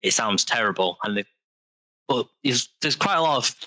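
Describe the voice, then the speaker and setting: A man co-hosting a podcast in casual chat, with wry, quick comments. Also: mid-range voice, animated, bright, forceful tone, poor audio. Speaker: podcast co-host.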